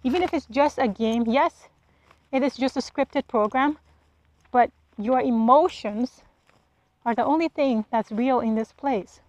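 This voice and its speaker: A woman's voice: on the high side, measured pace, darkish tone, dry recording, rough recording. A woman hosting a solo podcast, ranting bluntly with profanity and rhetorical questions. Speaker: podcast host. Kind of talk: solo monologue rant.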